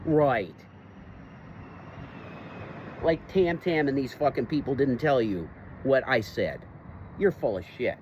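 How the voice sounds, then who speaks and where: A man ranting angrily outdoors in public, profane and bursting into shouts. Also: medium pitch, sing-song, takes it slowly, pauses often, lo-fi sound. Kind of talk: angry rant to camera. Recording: outdoor street noise, traffic.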